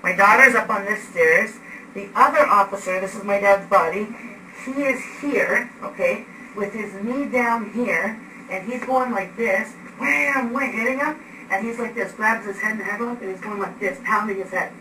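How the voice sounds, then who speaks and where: A woman with a mid-range voice speaks at a moderate pace, agitated and animated as she gives an eyewitness account of an arrest. She is indoors at home, acting out events with gestures as she talks. The room echoes, the mic is distant, and there is background noise.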